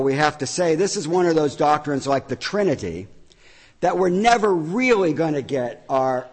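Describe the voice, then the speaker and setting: Pastor preaching in an echoing church. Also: male voice, fairly high pitch. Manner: teacherly, repeats phrases for emphasis. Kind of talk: sermon. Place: church sanctuary.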